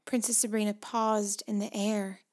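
Expressive woman reading a storybook. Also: mid-range voice, moderate pace. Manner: expressive, shifts between hushed whispers and loud excited calls. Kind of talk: scripted storybook narration.

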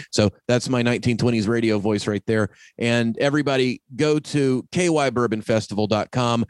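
A man's voice: medium pitch, moderate pace, hardly any pauses, no echo. Folksy, enthusiastic male podcast host. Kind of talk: casual interview chat.

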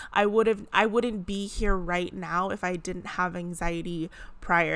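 A woman's voice: mid-range voice, a bit bright, smooth. A young woman hosting her own podcast, talking earnestly and emotionally about her experience, with many casual fillers. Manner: earnest, emotional, tearful at moments, frequent "like" fillers. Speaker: podcast host. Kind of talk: heartfelt solo podcast talk.

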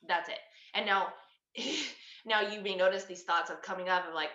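A woman's voice: mid-range voice, normal speed, bright, forceful tone, dull audio. Laughing, chatty woman in a roomy echo. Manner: chatty, laughs often, many likes. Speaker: birth coach. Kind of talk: podcast interview guest.

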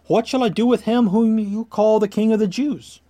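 A man's voice: sits high, normal speed, dark tone, voice pushed up, lightly acted. A man reading the lines of a male Roman governor who keeps pleading and questioning. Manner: questioning, insistent.

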